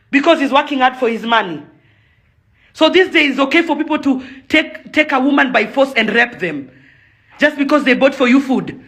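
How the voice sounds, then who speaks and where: In a high, expressive, fairly bright voice at normal pace, a young adult Kenyan woman, an events promoter and celebrity, rants to camera with anger and passion. She alternates between accusing and pleading, slipping Swahili phrases into her English.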